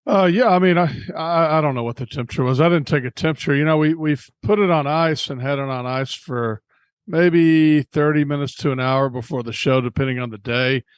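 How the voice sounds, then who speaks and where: A man's voice: a little high, brisk, clear, resonant tone, no room sound. A man co-hosting a homebrewing podcast, explaining things and telling stories in easygoing, casual chat. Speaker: podcast co-host.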